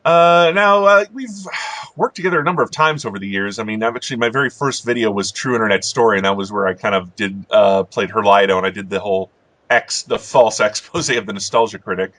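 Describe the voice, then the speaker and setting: A man's voice: lowish voice, fast, fairly bright tone, dry recording. A man hosting a casual commentary chat, rambling and self-deprecating with frequent chuckles. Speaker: host.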